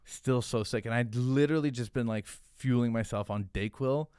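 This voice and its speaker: A man's voice: medium pitch, normal speed, clean tone, no room sound, studio quality. A man telling a story as a podcast guest, casual and profane, with lots of "like" fillers. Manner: animated, profane, filler-heavy, "like" every few words.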